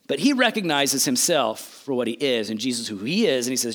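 A man preaching a sermon, telling a story with animated, changing delivery and acted-out quotes. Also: mid-range voice, brisk, hardly any pauses. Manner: animated storytelling, voices quotes, sudden loud and soft swings.

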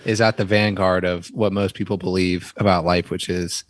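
A man on a podcast making dry, deadpan remarks in casual chat. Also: low voice, normal speed, dry recording. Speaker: podcast co-host.

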